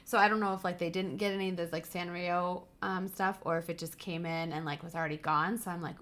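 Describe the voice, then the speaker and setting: A woman's voice: lowish voice, steady tone, brisk, few pauses, fairly bright tone. A woman hosting a casual crafting livestream, gushing over stickers and sometimes dropping to a whisper. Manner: gushing, drops to whispers over cute items. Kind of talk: casual live chat, unboxing happy mail.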